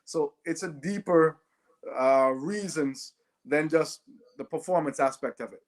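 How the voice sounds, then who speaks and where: A man tells stories in an animated way. His voice sits a touch higher than most men's, and he often checks in with a quick "right?". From Jamaica. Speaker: guest, former Olympic sprinter. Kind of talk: storytelling in a podcast interview.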